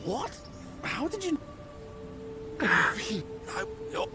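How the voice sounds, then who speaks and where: A man's voice: high voice, big pitch swings, extremely slow, over music, heavily acted. An actor playing a nervous Roman man who stammers when caught off guard. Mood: flustered.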